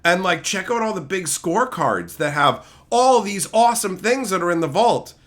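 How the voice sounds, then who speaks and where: Young male streamer, bright and lively, with mocking, profane rant commentary. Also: high-pitched, moderate pace. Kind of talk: ranting commentary.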